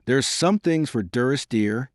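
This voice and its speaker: A man voicing a suave, mocking gentleman with a cool, cutting, unhurried manner. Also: mid-range voice, animated, no room sound, clean studio sound, voice pushed up, close to an everyday voice.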